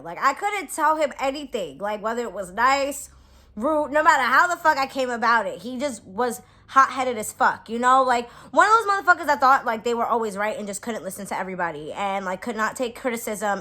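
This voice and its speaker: A woman's voice: a little high, sharp tone. A woman in her twenties telling a casual storytime to her viewers, blunt and profane, laughing often and acting out her own lines. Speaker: vlogger.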